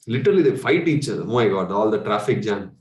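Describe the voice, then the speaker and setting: A man's voice: lowish voice, very animated, fast, darkish tone. A man with an Indian English accent, giving a spiritual workshop talk as a meditation coach, speaking conversationally with rhetorical questions and chuckles. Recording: echoey room.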